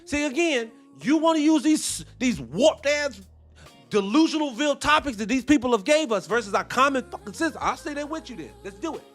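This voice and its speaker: A man hosting a show, reacting to a debate clip with animated, profane commentary and rhetorical questions. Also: very high-pitched, brisk, faint music behind. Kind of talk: heated commentary.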